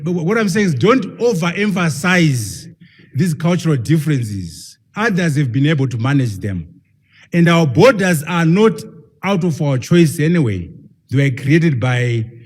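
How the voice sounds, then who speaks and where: A man's voice: medium pitch, darkish tone, breathy edge. A man, a professor, giving an emphatic public lecture and firing rhetorical questions at his audience.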